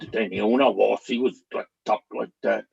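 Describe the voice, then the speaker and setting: A middle-aged man telling stories to a live audience in an animated, chatty way, laughing now and then as he talks. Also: fairly low pitch, fairly quick, vocal fry, breathy edge, highs cut off. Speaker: author.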